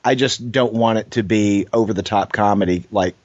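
A man's voice: lowish voice, normal speed, no echo. A man co-hosting a casual chat, a bit pedantic and fond of correcting details. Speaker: podcast co-host. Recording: dull lo-fi sound.

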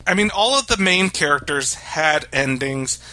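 Guy with a really bright voice, rambly podcast chat, lots of restarts. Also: a little high, animated. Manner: rambling, halting, many restarts. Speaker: podcast co-host. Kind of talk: casual chat.

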